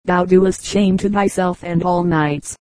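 A woman's voice: lowish voice, steady tone, unhurried, a little mellow, no echo, natural voice, low-quality recording. A woman reading the lines of a stern, righteous male knight in stately archaic speech, in an audiobook reading.

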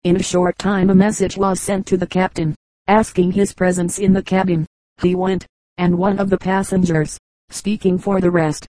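A woman's voice: fairly low pitch, no room sound, rough recording. Woman reading a story aloud evenly. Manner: steady, even reading. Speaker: audiobook reader. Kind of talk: scripted narration.

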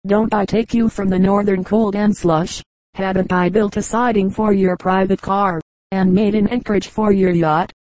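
A woman voicing a prim, disapproving young woman who gossips about a neighbor, read in a dark, dry audiobook voice. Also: mid-range voice, no echo, lightly acted, rough recording. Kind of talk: audiobook character reading.

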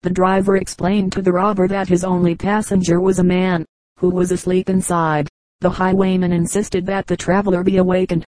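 A woman reading a book of humorous anecdotes aloud as an audiobook narrator, in a measured, even storytelling delivery. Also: lowish voice, no echo, rough recording. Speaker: audiobook reader. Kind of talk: scripted narration.

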